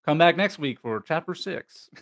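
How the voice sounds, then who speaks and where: A man's voice: a little high, expressive, fairly bright tone. A man hosting a live reading of a novel, narrating steadily and then musing about the story in casual asides. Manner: measured narration, then musing unscripted commentary. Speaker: host reading a novel aloud.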